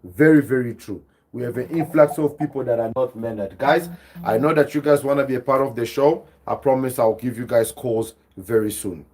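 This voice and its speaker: Laughing and lively, a South African man runs a livestream podcast, reading his audience's chat aloud and calling them "guys." He speaks in a mid-range voice at a normal speed.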